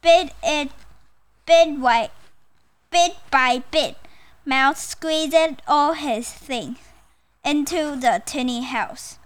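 A woman's voice: sits high, no echo. A young woman whose first language is Mandarin Chinese reads a children's picture book aloud carefully, stumbling and correcting herself now and then. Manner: slow, careful reading with stumbles and self-corrections. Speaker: storyteller.

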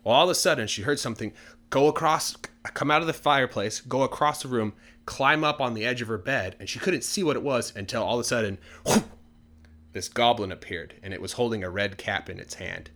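A man casually telling a folk tale for English learners in a relaxed, chatty way with many fillers. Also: medium pitch, quick pace. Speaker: storyteller.

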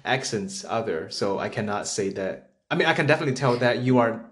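A man's voice: medium pitch, lively intonation. A man from China whose first language is Chinese, hosting a casual podcast chat with teasing remarks and frequent restarts. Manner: teasing, halting with many restarts. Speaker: podcast host.

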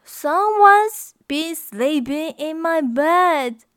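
A woman's voice: sits high, animated, extremely slow, fairly bright tone, no room sound, studio quality, voice pushed up, exaggerated voice. A woman voicing a worried, fretting mama bear in a storybook reading. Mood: fretful.

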